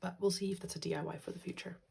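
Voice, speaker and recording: A woman from Finland talks through her journaling in a soft, gentle vlog voice, often sinking to a near whisper. Her tone is low and mellow, with a gravelly fry in it. Faint noise sits under her voice. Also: fairly even intonation, very fast. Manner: soft-spoken, gentle, slips into quiet whispers. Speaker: journaling channel host. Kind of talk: casual vlog talk.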